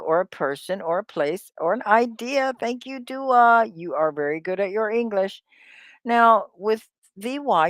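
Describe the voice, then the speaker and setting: Animated woman teaching English. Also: fairly low pitch, no echo, studio quality. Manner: stretches out sounds to model them, chatty asides. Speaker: ESL teacher. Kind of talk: live-streamed English lesson.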